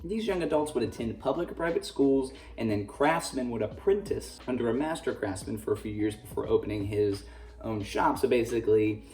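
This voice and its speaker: A man's voice: medium pitch, lively intonation, a little fast, a little mellow. A man teaching a casual history lesson, full of jokey, sarcastic asides. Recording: roomy echo, distant mic, faint music.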